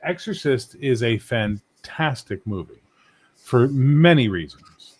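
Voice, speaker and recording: A man's voice: medium pitch, animated, darkish tone, slightly rough. Brash, teasing man on a podcast. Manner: brash, teasing, quick to needle the others. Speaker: podcast co-host. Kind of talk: casual podcast banter.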